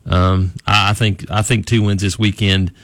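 A man's voice: fairly low pitch, little pitch movement, moderate pace, fairly bright tone, dry recording. A man who reports on college sports, talking through a team's season on a radio show in a rambling, easygoing way with many restarts. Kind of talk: casual sports radio analysis.

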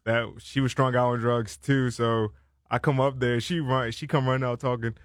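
A man's voice: mid-range voice, fairly even intonation, moderate pace, no room sound, clean studio sound. A young man with a Washington DC accent telling a story in casual chat, animatedly acting out the voices of people in it. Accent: Washington DC area.

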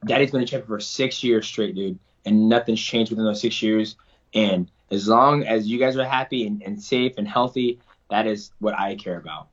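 A man's voice: lowish voice, normal speed, dull audio. A man answering interview questions in a casual, earnest way, often restarting his sentences. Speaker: interview guest, fighter.

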